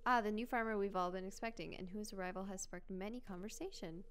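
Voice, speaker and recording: A woman's voice: medium pitch, quick pace, slight background noise, lightly acted. Woman reading a courteous young man, flowery words, game dialogue. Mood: polite. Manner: plain reading of on-screen dialogue.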